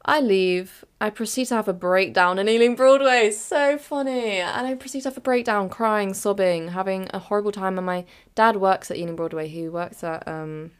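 A woman's voice: mid-range voice, moderate pace, hardly any pauses, smooth. A woman telling a chaotic, giggly personal story on her podcast. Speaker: podcast host.

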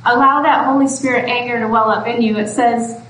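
A woman's voice: fairly high pitch, fairly even intonation, brisk, a bit bright. A woman preacher giving a sermon in an earnest, pleading way that rises to exhortation. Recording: echoey room from far off, faint background noise.

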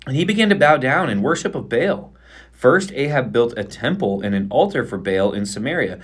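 Man reading scripture with lively pitch. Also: brisk, husky. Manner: expressive reading aloud, playful banter. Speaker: pastor. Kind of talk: podcast Bible reading and chat.

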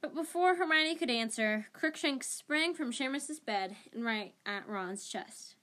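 A woman's voice: fairly high pitch, moderate pace, few pauses, sharp tone. Woman reading a story with small slips. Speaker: audiobook reader. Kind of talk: amateur audiobook narration.

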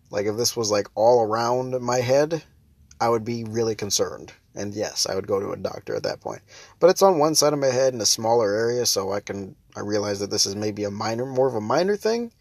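A young man hosts his own podcast and stream in a casual solo monologue, ranting sarcastically and laughing often despite a headache, though he also holds back laughter. His fairly low, gravelly voice is sing-song and a little fast, with no room sound.

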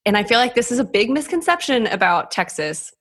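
A young woman co-hosts a podcast over a video call in casual chat, laughing often and filling her talk with "like." Her voice is a little high, bright and husky, with big pitch swings and a fairly quick pace.

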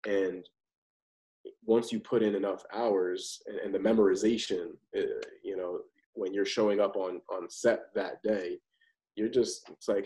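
A man's voice: lowish voice, steady tone, measured pace, dark tone, rough recording. A man, an actor and podcast guest, talking in a loose, confident, conversational way. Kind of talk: casual interview chat.

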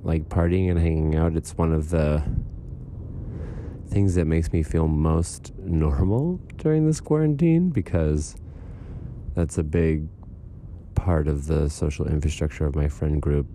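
A young man speaking a relaxed, meandering audio diary outdoors on a fire escape in the morning. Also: extremely low pitch, measured pace, slight background noise. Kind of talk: casual personal audio diary.

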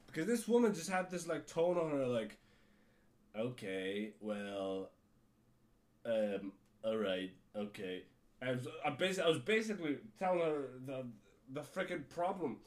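A man's voice: a little high, normal speed. A man with a cold telling a rambling story on his podcast, full of fillers, restarts and casual swearing. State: has a cold. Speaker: podcast host.

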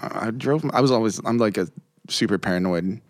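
A man's voice: on the low side, fast, no echo, studio quality. A young man, a comedian guest on a casual podcast, who rambles, laughs often and mimics voices in his anecdotes.

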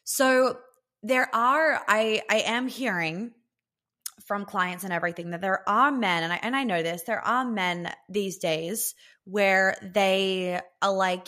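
A woman hosts a podcast as a relationship coach, speaking in a mid-range voice at a measured pace with a sharp tone. She's chatty and blunt, swears freely, and fills her talk with lots of "like."

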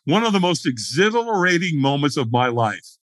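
Husky guy, kinda high voice, dry close sound, acting out his story all dramatic. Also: very animated, normal speed, no room sound. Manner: dramatic, acts out the scene in voices. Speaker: guest. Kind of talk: animated storytelling.

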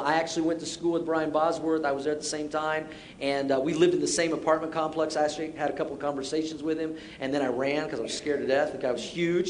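A middle-aged man preaching a sermon as pastor, conversational and self-deprecating, with short repeated exhortations. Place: church sanctuary. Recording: roomy church sound with faint rumble.

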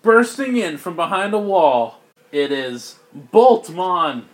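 A man's voice: high voice, very animated, slow pace. A man narrating as game master in a tabletop game, loose and joking, with plenty of fillers.

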